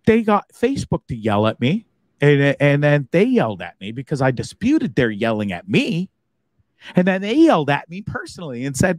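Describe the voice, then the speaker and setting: A man hosting a live stream from home, chatting casually and laughing through his jokes. His voice sits a bit high and leaps all over the place, and he swears freely. The sound is dry and close. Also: moderate pace, no room sound. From Canada, Hamilton region. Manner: jokey, animated, swears freely, laughs often.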